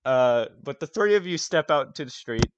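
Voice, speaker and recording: A man's voice: mid-range voice, expressive, normal speed, slight background noise. A young man narrating as game master in a loose, laughing, casual way. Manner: casual, laughing, lots of fillers and swearing.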